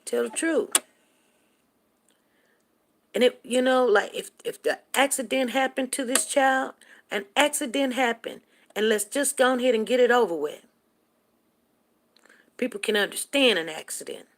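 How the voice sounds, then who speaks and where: A woman's voice: on the high side, unhurried, long pauses, a little hiss or hum. Emphatic woman preaching to her viewers. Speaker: livestream host. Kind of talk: casual livestream talk.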